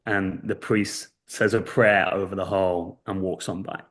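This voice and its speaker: A man guest on a podcast interview, earnestly telling a story and tagging points with quick checks for agreement. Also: sits low, little pitch movement. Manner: earnest storytelling, many fillers and "right?" tags. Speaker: guest expert. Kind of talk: casual interview chat.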